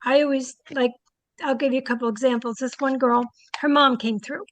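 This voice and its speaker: Middle-aged woman, psychic guest, anecdotal storytelling, high-pitched, dry close sound. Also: a little fast, no room sound, low-quality recording. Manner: animated anecdotes with many fillers. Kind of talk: storytelling interview answers.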